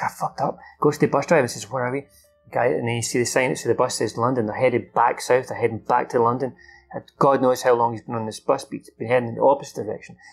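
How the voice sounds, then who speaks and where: Gravelly man excitedly recapping a film. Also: mid-range voice. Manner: animated, swears often, acts out characters' lines. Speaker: film reviewer. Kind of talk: unscripted plot recap.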